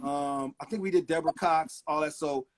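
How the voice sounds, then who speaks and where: A man's voice: fairly high pitch, moderate pace, noisy background. A middle-aged man, a record producer, telling stories in a casual interview and acting out the people he quotes. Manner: animated storyteller acting out quotes.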